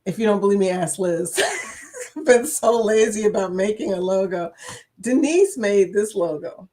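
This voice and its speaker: A woman's voice: medium pitch, normal speed, dark tone. An older woman hosting a casual live-stream chat, chatty and laughing often as she reads viewers' comments aloud, with a slight cough and a dry throat.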